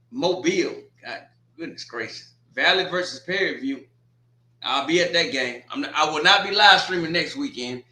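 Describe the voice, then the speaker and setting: A man's voice: on the high side, pushed and bright, reverberant. A man hosting a watch party, running through scores with blunt, teasing trash talk. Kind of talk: casual score rundown and commentary.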